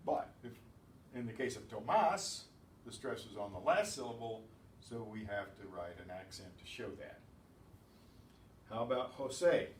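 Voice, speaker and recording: A man's voice: on the low side, normal speed, long pauses. A man teaching a beginners' language class, explaining patiently and answering his own questions. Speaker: Spanish teacher. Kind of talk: classroom lesson. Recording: echoey room, distant mic, faint noise.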